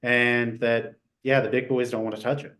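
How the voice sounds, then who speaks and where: A man co-hosting a casual livestream Q&A, answering viewer questions in a measured, explanatory way. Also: mid-range voice, little pitch movement, fairly bright tone. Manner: measured, explanatory, uses fillers like "so ultimately".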